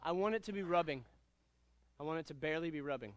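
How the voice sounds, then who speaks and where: A man teaching a karate class, giving energetic commands and calling out drills and counts. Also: fairly high pitch, fast, no echo. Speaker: karate instructor. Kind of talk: martial arts class instruction.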